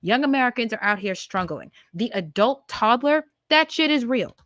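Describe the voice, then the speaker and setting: Woman in her twenties, podcast host, heated political rant, rhetorical questions, higher voice, dry close sound. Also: lively intonation, moderate pace, fairly bright tone, dry recording. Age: 20s. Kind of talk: political commentary monologue.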